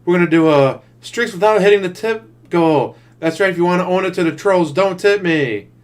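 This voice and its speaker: Guy doing a hyped-up gloating streamer bit, higher voice, loud. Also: normal speed, natural voice. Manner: mock-excited, exaggerated. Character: gloating, overexcited male streamer boasting to trolls.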